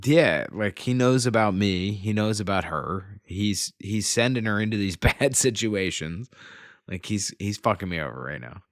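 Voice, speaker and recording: A young man in a relaxed book podcast who laughs a lot and swears casually. His voice sits fairly low. The sound is dry and close. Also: normal speed, no echo. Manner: laughs often, loose and profane. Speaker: podcast co-host. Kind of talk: casual chat about a book.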